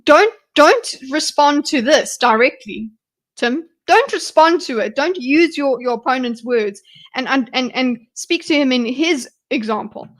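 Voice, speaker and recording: A woman's voice: high voice, animated, unhurried. A woman hosting a livestream, reacting to a debate in blunt, exasperated commentary full of swearing. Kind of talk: casual commentary.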